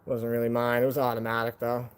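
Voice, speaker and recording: A man's voice: mid-range voice, monotone, fast, smooth. A man hosting a casual live stream from home. He talks to viewers in a laid-back, slangy way, calling them "man" and "dude".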